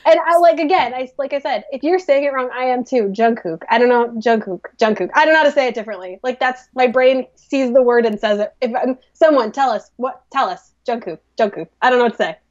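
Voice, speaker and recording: A woman's voice: a little high, brisk, few pauses, highs cut off. A woman co-hosting a podcast from the United States, chatting casually with a rambling, self-deprecating, jokey manner. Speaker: podcast co-host. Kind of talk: casual chat.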